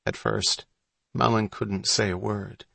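A man with a fairly low voice reads a children's adventure story in steady, measured narration. The recording is close and dry, with no room sound. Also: creaky, breathy edge, no echo. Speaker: audiobook narrator. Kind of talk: scripted narration.

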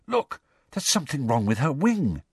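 A man's voice: mid-range voice, big pitch swings, moderate pace, slightly rough, dry recording, studio quality, voice pushed up. A man voicing an anxious, earnest teenage schoolboy in a storybook reading. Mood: urgent. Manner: urgent, earnest.

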